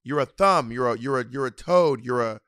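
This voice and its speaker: A man's voice: medium pitch, fairly quick, fairly bright tone, clear, resonant tone, no echo, clean studio sound. A man co-hosting a casual podcast review of a TV show, rambling and acting out quoted voices. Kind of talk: casual chat.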